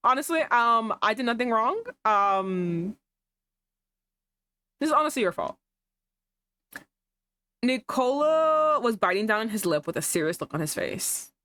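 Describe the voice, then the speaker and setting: A woman's voice: on the high side, sing-song, unhurried, pauses often, pushed and bright. A woman streamer reading a romance game aloud and breaking off into sarcastic, swearing asides.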